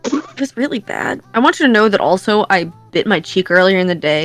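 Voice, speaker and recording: A woman's voice: medium pitch, lively intonation, brisk, soft background music. A woman player in casual chat, joking about herself and laughing often. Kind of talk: casual chat at a tabletop game.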